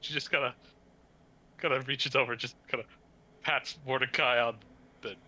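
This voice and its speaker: Bright-voiced man narrating a tabletop game. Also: medium pitch, fairly even intonation, normal speed. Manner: casual, filler-heavy. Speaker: player narrating actions.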